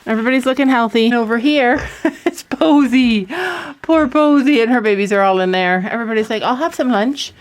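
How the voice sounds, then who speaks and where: A woman vlogging outdoors on a snowy farm, chatting excitedly to her viewers and often repeating herself. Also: fairly high pitch, brisk, hardly any pauses, no room sound, rough recording. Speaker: vlogger on a family homestead. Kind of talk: casual vlog talk to camera.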